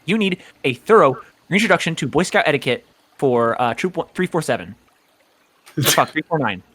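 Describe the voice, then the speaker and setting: An eager boy scout, sticking to the rules and pleading for a buddy, as a man puts him on. His voice rides higher than the narrator's own and swings all over the place. The manner is insistent and a little frantic. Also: expressive, normal speed, a bit bright, husky. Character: eager rule-loving male boy scout.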